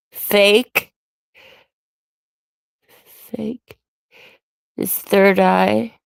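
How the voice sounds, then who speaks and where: Slow-talking, irritated woman ranting on stream. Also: medium pitch, vocal fry, fairly bright tone, clear, resonant tone, no room sound. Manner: ranting, irritated, reacting to chat. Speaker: livestream host. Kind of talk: casual solo livestream chat.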